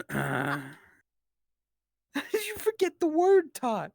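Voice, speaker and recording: A woman's voice: high voice, wildly swooping pitch, drawn-out words, vocal fry, a little mellow, dry recording, clean studio sound. A woman streamer hosting a casual live chat, teasing her guest in playful banter. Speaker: streamer host.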